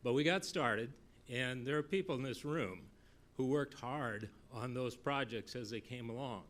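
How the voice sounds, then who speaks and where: A man, a former council member, giving an earnest, measured public comment at a city council meeting, recalling history in a storytelling way. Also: mid-range voice, fairly bright tone. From Northeast Iowa.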